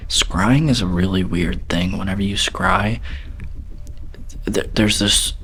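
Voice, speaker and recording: A man's voice: low-pitched, a little hiss or hum. A man hosting a paranormal investigation vlog in an old school, bluntly questioning a spirit and swearing often. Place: old school building, indoors.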